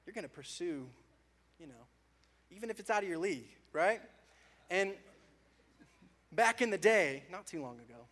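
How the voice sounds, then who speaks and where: High-voiced man joking through a sermon. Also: fairly bright tone. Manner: joking, self-mocking storytelling, laughing often. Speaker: pastor. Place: church before a congregation.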